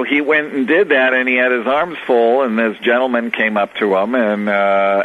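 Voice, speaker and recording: Low-voiced man rambling over a phone line. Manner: rambling, many fillers and restarts. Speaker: guest. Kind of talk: storytelling on a radio call. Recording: tinny phone line with faint noise.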